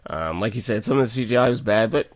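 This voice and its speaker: A young man co-hosting a podcast in casual chat, animated and profane, laughing often. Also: lowish voice, quick pace, no room sound. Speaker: podcast co-host.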